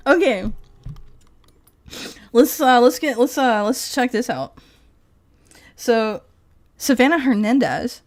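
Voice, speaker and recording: A woman streamer with a fairly high voice, talking unhurriedly in loose, rambling live-stream commentary. She swears freely and breaks into laughter between her thoughts. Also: wildly swooping pitch, measured pace, long pauses, darkish tone. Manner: laughs often, profane, rambling.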